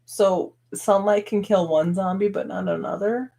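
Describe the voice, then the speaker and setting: A soft-spoken woman co-hosting a casual show and teasing her co-host. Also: medium pitch, fairly even intonation, unhurried, gravelly. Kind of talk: casual chat.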